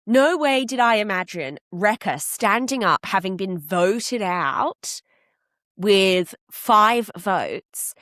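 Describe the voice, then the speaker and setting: A woman's voice: medium pitch, takes it slowly, no echo, studio quality. A woman co-hosting a podcast, chatting casually and acting out what people said as she retells a show. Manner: animated storyteller who acts out quotes. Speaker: podcast co-host.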